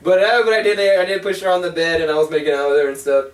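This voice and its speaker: A man's voice: high-pitched, flat delivery, quick pace, distant mic. A young man telling crude stories in a casual chat, acting out the quotes in his tales. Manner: crude, rambling, acts out quotes. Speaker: co-host. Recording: echoey room, voice from off-mic.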